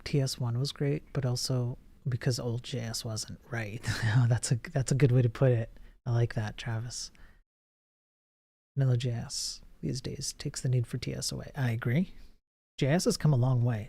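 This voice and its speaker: A man in his forties talking casually on a live coding stream, his voice warm and mellow. He jokes, swears, and answers chat messages as they come in, in an easygoing way. The sound is dry and close, with very little room. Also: mid-range voice, no echo. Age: 40s. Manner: loose and joking, swears, reads out and answers chat.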